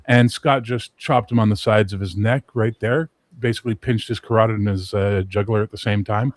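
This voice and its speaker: A man in casual chat, telling profane, animated anecdotes and acting out the people in them. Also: lowish voice, a little fast, dry recording.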